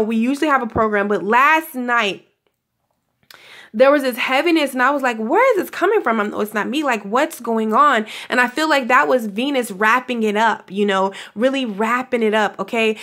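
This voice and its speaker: A woman's voice: high-pitched, sharp tone. A woman giving a casual spiritual pep talk to her viewers, gushing and affectionate, calling them honey and laughing often. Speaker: spiritual guidance vlogger.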